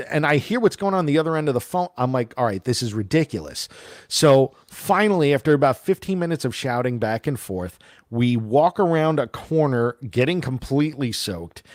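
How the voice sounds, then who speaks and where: A man co-hosting a podcast, telling a long story in a casual, animated way and acting out the voices of the people in it. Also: mid-range voice, no echo, studio quality. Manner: animated, acts out quoted voices. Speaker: podcast co-host.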